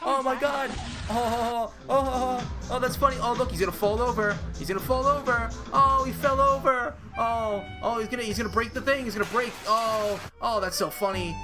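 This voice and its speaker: A man's voice: very high-pitched, normal speed, few pauses, over music, pitched above the performer's own voice. A man putting on a giddy fake-amazed react streamer. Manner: gushing, breathless, childlike exclamations.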